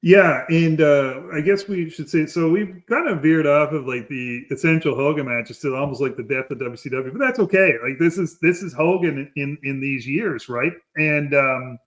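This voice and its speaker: A man's voice: on the high side, normal speed, few pauses. A man co-hosting a podcast in a casual wrestling history chat, rambling with lots of fillers and laughing through his stories. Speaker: podcast co-host.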